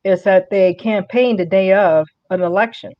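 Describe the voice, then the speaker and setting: A woman's voice: mid-range voice, moderate pace, dry recording. A woman guest on a political podcast, talking earnestly in casual conversation and often repeating words as she restarts. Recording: muffled dry audio.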